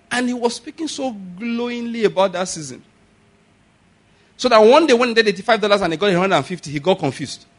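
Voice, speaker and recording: A man preaching a sermon, telling stories and acting out the people in them with sudden shouts. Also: high-pitched. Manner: storytelling, acts out quoted voices with sudden shouts. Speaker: pastor.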